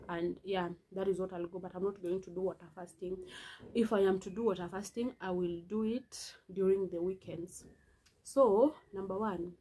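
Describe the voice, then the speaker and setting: A woman's voice: on the low side, mellow, husky, rough recording. A woman in her early twenties talking earnestly in a casual vlog, often repeating herself for emphasis. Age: early 20s. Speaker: vlogger. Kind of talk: casual personal vlog talk.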